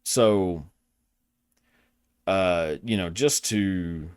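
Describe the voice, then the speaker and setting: A young Southern US man hosts a podcast in a casual monologue, his low voice drawing out words, clear and resonant with no echo in studio-quality sound. He rambles crudely, swears a lot, and makes fun of himself.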